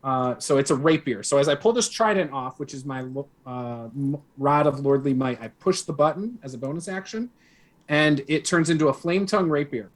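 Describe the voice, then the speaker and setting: During a streamed tabletop game, a player with a fairly high voice mulls over his move out loud, unsure of himself. His speech moves at an ordinary speed.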